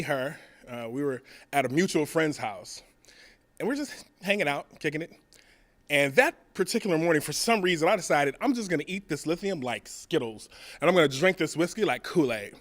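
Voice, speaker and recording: A man telling a personal comic story, acting out both sides of the dialogue and laughing through his own lines. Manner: acts out both sides of dialogue, rising high and loud for punchlines. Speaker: stand-up comedian.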